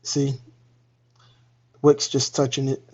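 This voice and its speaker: Guy going over a trading chart, flat voice, kinda muffled lo-fi mic. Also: medium pitch, slow pace. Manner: casual, pointing at chart levels. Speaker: trading educator. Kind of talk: live screen-share trading walkthrough. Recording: dull lo-fi mic.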